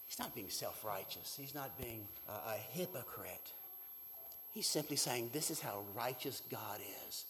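A man preaching a sermon as pastor, shifting between hushed, whispered lines and loud, emphatic ones. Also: a little high. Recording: reverberant hall.

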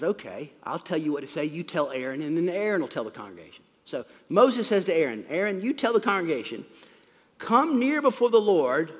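A man preaching a sermon as pastor, animated, swinging from loud emphasis to hushed asides. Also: fairly high pitch. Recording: long hall reverb.

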